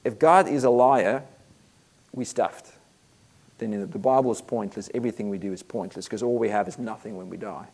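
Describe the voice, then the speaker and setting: A man delivers a sermon in a lowish voice. He speaks earnestly and with emphasis, often reading scripture passages aloud. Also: normal speed, a little mellow. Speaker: preacher.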